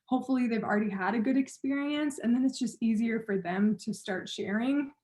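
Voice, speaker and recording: A woman's voice: a little high, brisk, warm tone. A woman training her team of coaches, talking in an upbeat, encouraging way straight to her listeners.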